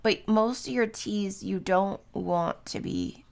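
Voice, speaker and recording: A woman's voice: medium pitch, slow pace, vocal fry, darkish tone. A middle-aged woman hosting a solo podcast at home, chatty and loose, full of fillers and little tag questions. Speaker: podcast host. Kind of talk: solo podcast talk on herbs. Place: home, early morning.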